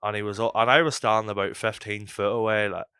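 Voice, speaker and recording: A young adult man hosting a casual podcast rambles through an animated, sweary retelling of a story. His voice is fairly low, clear and resonant, moving a little fast. The recording is dry with clean studio sound.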